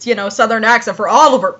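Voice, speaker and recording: Giggly young woman, bright and lively. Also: a little high, muffled recording. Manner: giggly, rambling, full of fillers. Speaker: fanfiction reader. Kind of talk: casual reading with commentary.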